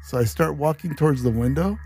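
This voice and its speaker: A man's voice: on the high side, quick pace, slight background noise. A man co-hosting a podcast, telling a spooky story in loose casual chat and swearing often. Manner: swears a lot, animated storyteller. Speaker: podcast co-host.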